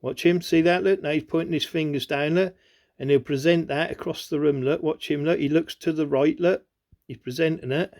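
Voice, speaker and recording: A man's voice: on the high side, steady tone, normal speed, gravelly, a little mellow. A man giving rambling commentary over video clips, repeating himself constantly and urging the listener to look. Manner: repetitive, keeps saying "look" and "you know what I mean". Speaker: conspiracy video host.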